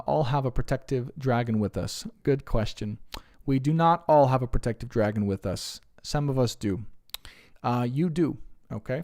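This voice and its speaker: This young man speaks at a medium pitch while chatting casually on a live stream. Acting as a spiritual reader, he takes viewer questions earnestly, tends to ramble, and livens up whenever he recounts a story.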